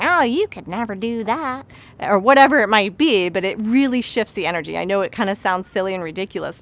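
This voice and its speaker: A woman's voice: medium pitch, slight background noise. A woman, a busy mother in her thirties, giving earnest, conversational self-help advice as a life coach. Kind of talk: motivational self-help talk.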